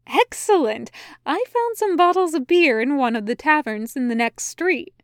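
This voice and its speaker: A woman voicing a cheerful, forthright female angel who speaks brightly and briskly. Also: high voice, animated, dry recording, clean studio sound, voice pushed up.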